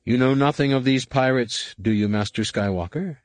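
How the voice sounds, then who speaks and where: A man's voice: medium pitch, moderate pace, no room sound, voice pushed up, natural voice. A man voicing a scheming male alien politician who speaks in a condescending, clipped and threatening way. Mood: smug, cold.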